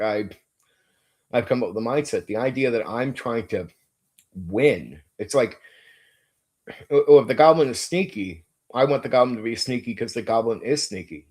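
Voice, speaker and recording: A man's voice: lowish voice, breathy edge. A man hosting his own channel, giving a blunt, emphatic monologue about how he runs tabletop games, with frequent swearing and casual "like, dude" fillers. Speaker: game master and channel host.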